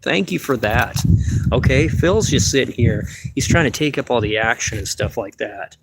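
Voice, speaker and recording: A man's voice: medium pitch, lively intonation, normal speed, very noisy. A man hosting a casual late-night livestream from a parked car, rambling offhandedly with some cursing, recorded on a phone. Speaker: livestream host.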